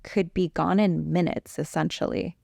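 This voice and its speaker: A middle-aged woman coach telling a personal story in an interview, animated and acting out quoted exchanges. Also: deep voice, moderate pace, gravelly, no echo.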